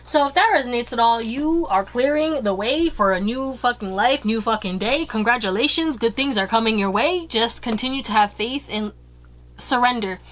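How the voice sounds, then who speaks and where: A woman's voice: fairly high pitch, moderate pace. A woman giving a casual pick-a-card tarot reading, chatty and blunt, swearing freely and giggling.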